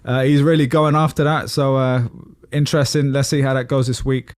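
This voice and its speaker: A man's voice: medium pitch, flat delivery, brisk, smooth, dry recording, clean studio sound. A man co-hosting a casual podcast chat, talkative and easy to laugh, steering the topics and asking his co-host questions. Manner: chatty, laughs easily, asks co-host questions.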